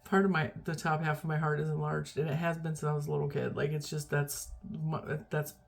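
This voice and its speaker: Tired middle-aged lady rambling at the camera, low voice, yawny and chatty, jokes about herself. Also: fairly even intonation, a little fast, vocal fry, slight background noise. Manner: rambling, chatty, self-deprecating. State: tired, yawning. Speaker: vlogger. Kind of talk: casual chat.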